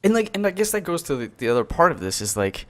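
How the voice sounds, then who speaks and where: A man's voice: on the high side, very animated, quick pace. A man co-hosting a casual podcast over an online call, talking earnestly with many restarts and fillers. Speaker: podcast co-host. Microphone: call microphone.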